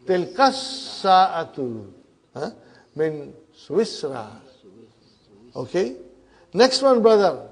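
A man teaching an Arabic grammar class, coaxing students through exercises, repeating their answers and teasing them gently. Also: high voice, very animated, unhurried, long pauses, breathy edge. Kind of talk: classroom lesson.

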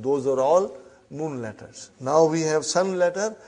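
Man teaching grammar, slow drilling. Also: a little high, darkish tone. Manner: drills phrases slowly, quizzes students. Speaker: Arabic teacher. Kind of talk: classroom grammar lesson.

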